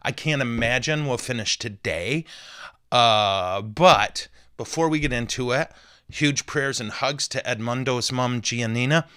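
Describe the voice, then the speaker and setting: A man's voice: mid-range voice, measured pace, pushed and bright, smooth, dry recording, studio quality. A man, a Catholic priest, hosting a podcast in a casual, joking, rambling way with self-deprecating asides.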